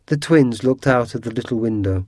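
A man narrating a storybook audiobook in a measured, unhurried way. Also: medium pitch, darkish tone, dry recording, clean studio sound.

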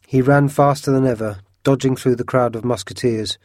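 A man reading an adventure story aloud as an audiobook in a steady, measured voice. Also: medium pitch, no echo, studio quality. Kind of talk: audiobook narration.

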